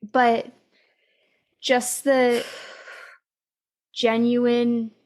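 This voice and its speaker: Woman, podcast host, casual book talk, slow, filler-heavy. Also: a little high, level tone, a little mellow. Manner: unhurried retelling with many fillers.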